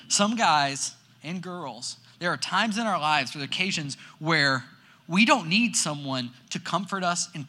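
A young man gives a relaxed sermon to teenagers, telling stories with constant "like"s and animated swings in delivery. His voice sits a little high for a man and sounds bright and forceful. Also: a little hiss or hum. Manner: animated storytelling, heavy use of "like". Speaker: youth pastor. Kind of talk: casual sermon to a youth group.

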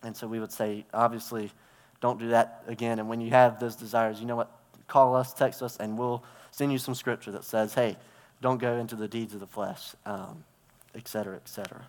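A man's voice: medium pitch, flat delivery, brisk. A man giving a conversational sermon in a church, telling stories and acting out parts as he goes. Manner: conversational, storytelling with props and gestures. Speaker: preacher. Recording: reverberant hall.

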